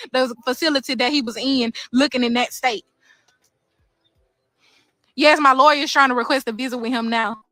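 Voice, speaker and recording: Outdoors near a prison, an inmate's sister gives a casual first-person account of her visit, upset and animated as she quotes what was said. Her voice is high and bright, with no echo.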